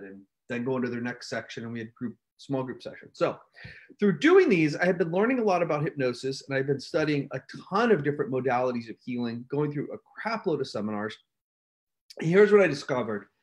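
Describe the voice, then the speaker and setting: A man hosting a casual live stream, telling a story with animated outbursts and acted-out shouts. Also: medium pitch. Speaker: host.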